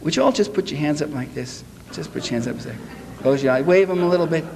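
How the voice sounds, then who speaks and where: A man giving a live political lecture to an audience, sarcastic and animated, mocking the people he quotes. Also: fairly high pitch, fast talker, vocal fry. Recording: echoey hall, faint hiss.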